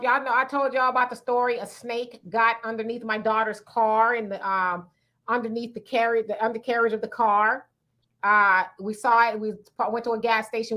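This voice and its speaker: Middle-aged woman host, high bright voice, animated storyteller in casual live talk. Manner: animated storyteller acting out quoted people.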